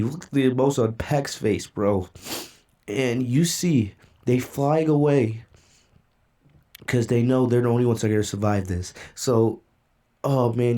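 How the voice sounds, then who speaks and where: A man hosts a casual reaction video from a home streaming setup, holding back tears as he walks through a manga chapter. His voice sits mellow and soft-edged, and he talks in a loose, rambling way, full of "you know" and "right?". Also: medium pitch. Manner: emotional, recaps events loosely with fillers. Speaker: manga reaction channel host.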